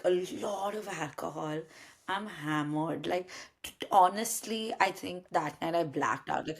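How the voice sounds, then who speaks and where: A young woman chatting casually, telling a long story with lively energy and acting out what her friends said. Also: lowish voice, breathy edge. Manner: animated storytelling, acts out quoted friends. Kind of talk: casual chat.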